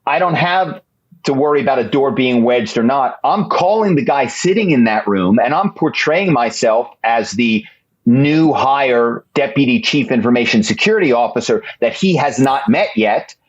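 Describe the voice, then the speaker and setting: Animated male guest telling stories. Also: mid-range voice, normal speed, lo-fi sound. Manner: animated storyteller, acts out phone calls in put-on voices. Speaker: guest author. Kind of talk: conversational podcast interview.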